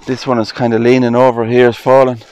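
A man's voice: medium pitch, level tone, a little mellow, clean tone. Irish man reading old headstones outdoors. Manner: reads headstone inscriptions aloud slowly, musing. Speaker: cemetery vlogger. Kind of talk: casual walking commentary. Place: outdoor graveyard.

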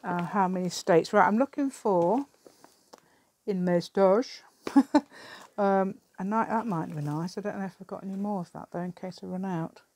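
A woman's voice: medium pitch, moderate pace, darkish tone. A middle-aged woman with an English accent chats casually while crafting at her table, rambling, thinking aloud and often laughing. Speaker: craft vlogger. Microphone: camera on the table.

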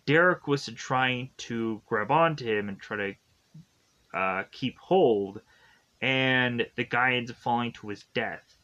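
A man's voice: medium pitch, takes it slowly, sharp tone, muffled recording. Man, tired, yawning, casual film review, rambling, repetitive. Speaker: movie reviewer.

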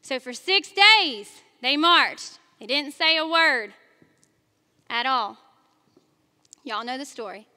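Bright, high-voiced woman preaching. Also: expressive, slow, pauses often. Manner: chatty storytelling, talks straight to the congregation, laughs at herself. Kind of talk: sermon. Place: church sanctuary. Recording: long reverb of a large church hall.

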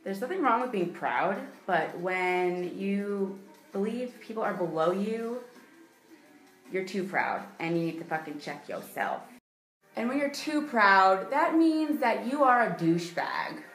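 A young adult woman ranting in a vlog, blunt and profane, swinging between loud outbursts and quiet mutters. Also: medium pitch, expressive, unhurried, faint music behind. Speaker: vlogger.

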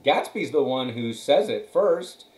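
A man's voice: mid-range voice, sing-song, measured pace, a little mellow. A man teacher reading a novel aloud to his class and stopping to comment, checking in often with "okay" and "right". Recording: echoey room.

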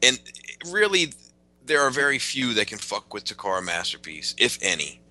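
A man's voice: mid-range voice, very animated, normal speed, pushed and bright, low-quality recording. A man hosting a casual podcast, ranting emphatically with plenty of profanity. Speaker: podcast host.

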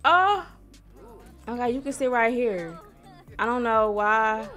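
A young woman gives loose, talkative commentary on her life-sim game in a fairly high voice that lifts into squeals when something delights her. Soft R&B music plays faintly underneath. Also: takes it slowly. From Missouri, USA. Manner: chatty, expressive, squeals when excited, talks to viewers. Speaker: gaming streamer. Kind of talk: casual gameplay commentary. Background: soft R&B background music.

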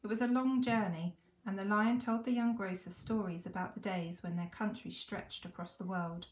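A woman teacher reading a picture book aloud in a clear, expressive storytelling voice. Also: on the low side. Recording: echoey room.

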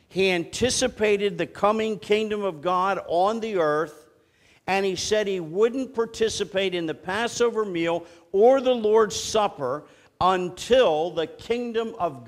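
A man preaching as pastor, earnest, slowing down to lead the congregation in repeating simple phrases. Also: sits high. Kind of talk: sermon.

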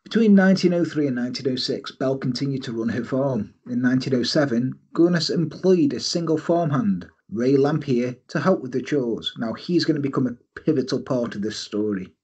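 A man's voice: medium pitch, lively intonation, a little fast, hardly any pauses, mellow, husky. A man hosting a podcast, recounting a true-crime story in a jokey way and riffing on it. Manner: jokey, giggly, reads aloud then riffs. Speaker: podcast host.

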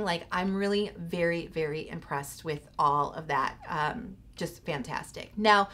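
A woman's voice: fairly low pitch, a bit bright. A woman vlogger chatting enthusiastically through a skincare product review, laughing now and then. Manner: chatty, enthusiastic, laughs often, frequent "like" and "you know". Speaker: beauty vlogger reviewing sunscreens. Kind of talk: casual product review to camera.

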